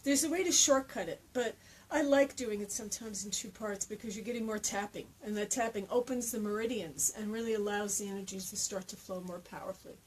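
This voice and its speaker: A woman teaching energy healing, speaking slow repeated affirmations during a tapping exercise, then explaining in a relaxed way. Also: medium pitch, a little hiss or hum, low-quality recording.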